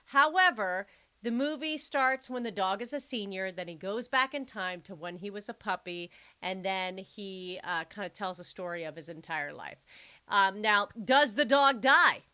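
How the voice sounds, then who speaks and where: A woman co-hosting a casual podcast, telling stories with emphatic, animated delivery. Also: mid-range voice, normal speed, clean tone. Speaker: podcast co-host. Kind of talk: casual chat.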